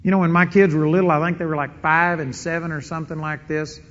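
A middle-aged man preaching a sermon, telling stories and acting out prayers in an animated way. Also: a little high, fast, long reverb tail, lo-fi sound. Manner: animated storytelling with quoted prayers and chuckles.

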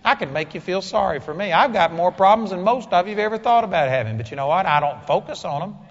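A man preaching a sermon with a blunt, emphatic delivery that builds to loud exclamations, in a dull, echoey hall recording. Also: high voice, expressive, quick pace.

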